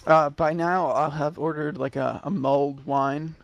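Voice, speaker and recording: A man's voice: on the high side, fairly even intonation, measured pace, gravelly, no room sound, dull audio. A man playing a tabletop role-playing game, speaking politely and easygoing. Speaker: player.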